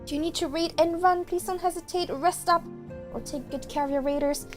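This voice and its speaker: A woman's voice: very high-pitched, fairly even intonation, brisk, music in the background. A young woman streaming games, chatting casually and gushing to her chat with giggles.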